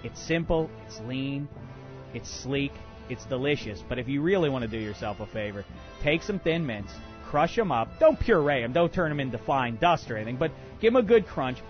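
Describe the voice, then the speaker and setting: A man hosting a comedic sports talk radio show, ranting in an excitable, bombastic way with many uhs. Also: mid-range voice, a little fast, lo-fi sound, soft background music. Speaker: radio host.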